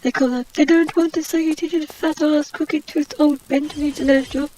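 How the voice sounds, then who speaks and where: High-pitched posh heroine, snobbish and indignant, played by a woman, gossipy game commentary, soft hiss. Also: steady tone, fairly quick, lightly acted, rough recording. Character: haughty posh English adventurer heroine, out of work and bitter. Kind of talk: comedic gameplay commentary.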